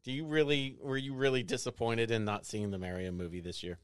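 A man's voice: medium pitch, steady tone, fairly quick, clean tone, no room sound. A man co-hosting a casual podcast, teasing the others with dry quips. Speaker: podcast co-host. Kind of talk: casual chat.

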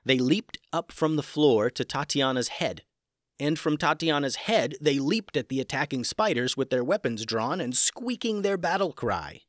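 A man narrating a children's adventure story, shifting expressively between hushed suspense and excitement. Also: fairly high pitch, moderate pace, no echo, clean studio sound.

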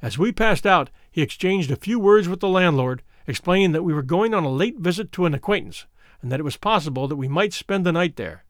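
A man's voice: on the high side, lively intonation, fairly quick, dry recording, clean studio sound. A man narrating a story in a dramatic, suspenseful reading style. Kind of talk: scripted narration.

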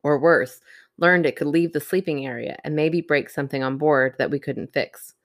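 A woman's voice: low-pitched, moderate pace, dry recording, clean studio sound. A woman co-hosting a podcast, reading a listener's spooky story aloud and chatting, laughing easily and teasing. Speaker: podcast co-host reading stories. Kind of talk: casual chat, reading listener stories.

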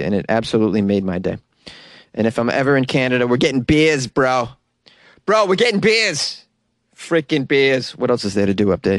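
The speaker is a young podcast host with a Boston accent, chatting solo and casually from a little closet studio. He jokes, makes fun of himself, and laughs frequently. His voice is medium in pitch, and the recording is dry.

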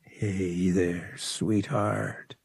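A man voicing a caring young man who speaks low and soft to comfort someone. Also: fairly even intonation, unhurried, gravelly, slightly rough, no echo, studio quality, full character voice. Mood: soothing.

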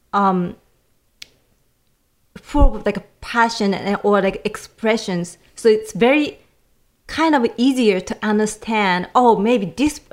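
Hesitant woman guest, many fillers. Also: medium pitch. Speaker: guest, cellist. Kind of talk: casual interview talk.

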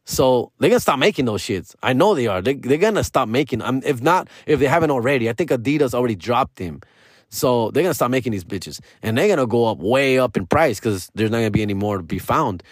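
A man in a loose, profane rant, dropping Spanish phrases as he goes. His pitch swings high and low from line to line. The sound is close and dry, with no room around it. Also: fast talker, husky, dry recording. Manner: profane slangy talk, switching into Spanish phrases; animated, pitch jumping up and down. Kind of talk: casual rant.

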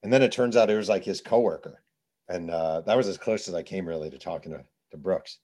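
A man with a fairly low voice talks as an author and journalist being interviewed. He tells his anecdotes in a lively, conversational way. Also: fairly quick. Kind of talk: conversational storytelling.

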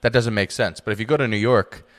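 A young man co-hosting a podcast, explaining his views in relaxed casual chat. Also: fairly low pitch, fast. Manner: relaxed, explaining, often trailing off. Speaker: podcast co-host.

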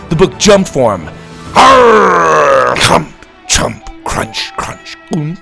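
A man narrating a children's adventure story aloud, expressive and reading aloud. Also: on the high side, vocal fry.

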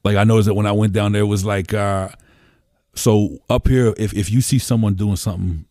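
The guest, a man from Pennsylvania, talks briskly in a mellow, lowish voice with fairly even intonation. Recorded dry and clean in a home room, he tells stories loosely, swearing casually and saying "you know" a lot.

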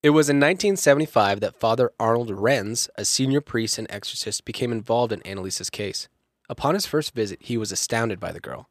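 A man's voice: medium pitch, a little fast, dry recording, studio quality. A young man hosting a podcast, reading a case aloud between casual, swearing banter with friends. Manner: swearing, laughing, lively. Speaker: podcast host reading the story. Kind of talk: casual podcast chat, reading a true-crime script.

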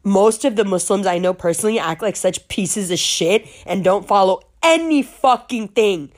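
A woman's voice: mid-range voice, animated, normal speed. A young adult woman from Pakistan telling a personal story, candid and emotional, swearing freely and laughing through tears.

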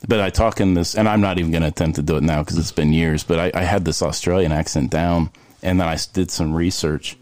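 A man, a podcast guest, telling an animated story in casual chat and laughing often. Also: low-pitched, quick pace, dry recording.

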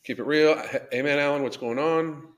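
A man's voice: on the high side, normal speed. A man hosting a live podcast, ranting bluntly and swearing a lot while reading out viewer comments. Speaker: podcast host. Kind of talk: live-stream rant reading chat.

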